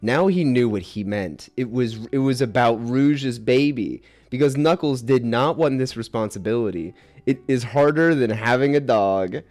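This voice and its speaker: A man's voice: medium pitch, normal speed, a little mellow, faint music behind. A man narrating a silly fan story aloud, giggling and stumbling over words. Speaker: narrator and creator. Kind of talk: comic reading of a fan story.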